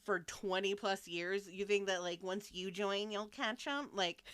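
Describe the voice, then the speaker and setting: A young woman co-hosting a casual podcast chat, riffing in an animated, exasperated, profane way. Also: medium pitch, measured pace, clean tone. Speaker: podcast co-host.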